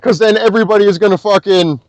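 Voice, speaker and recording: A young man from Scotia, a podcast guest telling an animated story and swearing constantly. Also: high-pitched, quick pace, no echo, low-quality recording. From Nova Scotia, Canada. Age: young adult. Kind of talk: casual storytelling.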